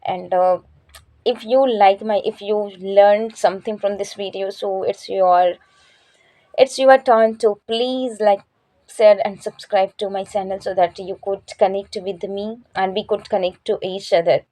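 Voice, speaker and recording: A young woman from Chhattisgarh with a Chhattisgarhi English accent, giving casual advice on learning English to her viewers and often pausing to search for words. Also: medium pitch, fairly even intonation, dark tone. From Chhattisgarh, India. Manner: hesitant, searching for words with many fillers.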